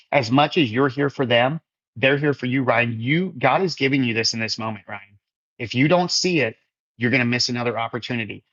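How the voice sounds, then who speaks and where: A man's voice: medium pitch, fairly bright tone, dry recording, muffled recording. Earnest man reading live chat comments. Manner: earnest, encouraging, calls viewers man and brother. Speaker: livestream fellowship host.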